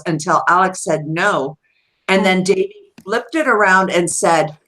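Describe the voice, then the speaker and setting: Woman, guest, casual chat, emphatic, lowish pitch, acts out quotes. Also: unhurried, a bit bright. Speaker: guest, former contestant.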